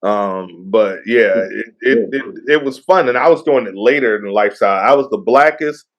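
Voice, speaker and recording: A man's voice: lowish voice, moderate pace, highs cut off. A middle-aged man co-hosting a podcast, chatting in a laid-back, joking way and patiently explaining things. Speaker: podcast co-host. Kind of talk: casual chat.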